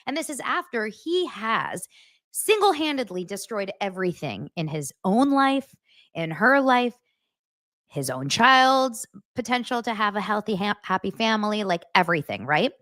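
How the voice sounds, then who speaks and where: A middle-aged woman talks through celebrity gossip in a loose, chatty way. Her pitch swings widely as she goes. She now and then slips into exaggerated voices to act out what others said. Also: normal speed. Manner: chatty, animated, acts out quotes in exaggerated voices. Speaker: gossip show host. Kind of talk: casual chat.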